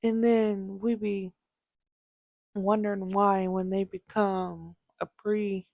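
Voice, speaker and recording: A young adult woman hosting a casual podcast, telling parenting stories with lively asides. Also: mid-range voice, slow pace, gravelly, no echo, studio quality. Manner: animated storytelling, acts out quoted voices. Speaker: podcast host.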